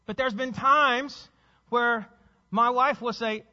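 A man's voice: very high-pitched, fairly even intonation, slow pace, bright, forceful tone, long reverb tail, muffled recording. A man preaching a sermon as pastor, urging his congregation with repeated rhetorical questions.

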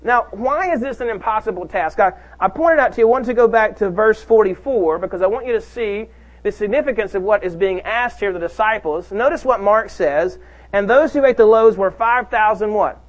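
A man's voice: high voice, a little fast, highs cut off. A male pastor preaching a sermon, emphatic and calling out to his congregation.

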